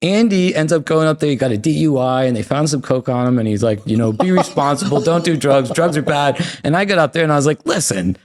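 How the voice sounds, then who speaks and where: A man's voice: mid-range voice, quick pace, hardly any pauses. A man from the United States, a podcast guest, telling stories in casual, profane talk and acting out quotes. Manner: animated, profane, acts out quotes. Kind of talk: casual storytelling.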